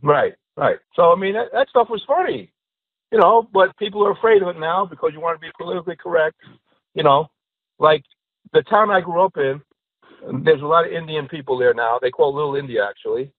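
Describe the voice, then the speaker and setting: A man who talks fast and rambles through his stories, dropping in asides. His voice is a little husky and slightly high. It sounds thin and dry, as if coming over a phone line. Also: no echo. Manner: rambling, repeats "you know". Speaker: comedian guest. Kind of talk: casual chat and joke telling.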